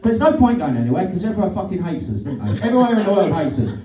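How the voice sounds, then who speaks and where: On a club stage, a middle-aged man from Britain rambles through a sardonic set laced with swearing. He has a high-sitting, dark-toned voice, races along, and swings widely in pitch. The sound is roomy and picked up from afar.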